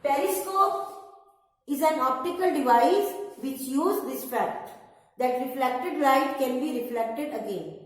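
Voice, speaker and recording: Woman teacher with a high voice, repeats stuff patiently, sounds far off in a big echoey room. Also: takes it slowly. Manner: repeats key points, patient explaining. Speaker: science teacher. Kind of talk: classroom lesson explaining step by step.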